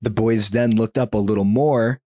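A man's voice: on the low side, moderate pace, no room sound, clean studio sound. A man hosting a podcast, telling a spooky story in a casual way and chuckling now and then. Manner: animated, chuckles while telling a spooky tale.

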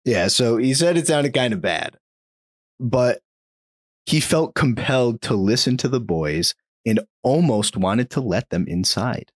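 Animated man telling a spooky story. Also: mid-range voice, a little slow, breathy edge, no echo, clean studio sound. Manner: animated, chuckles while telling a spooky tale. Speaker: podcast host telling a story. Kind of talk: casual storytelling.

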